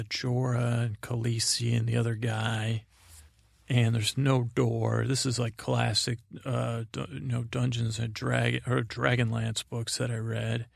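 A man's voice: medium pitch, vocal fry, no echo, studio quality. A man hosting a podcast, giving a rambling recap meant to lull listeners to sleep, meandering and full of fillers. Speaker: podcast host. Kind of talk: drowsy rambling episode recap.

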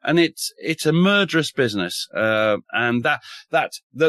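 A man from the north of England, a military historian telling war stories as a podcast guest in a wry, animated way, swearing casually and restarting often. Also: mid-range voice, normal speed, no echo. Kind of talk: enthusiastic podcast storytelling.

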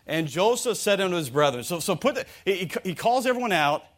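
A male preacher with a high voice gives a lively sermon. He stumbles over his words and restarts them, then acts out the people he quotes. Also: a little fast.

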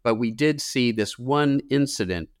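A man's voice: mid-range voice, unhurried, no room sound, studio quality. A climate scientist man answering interview questions in an earnest, explanatory way with occasional fillers.

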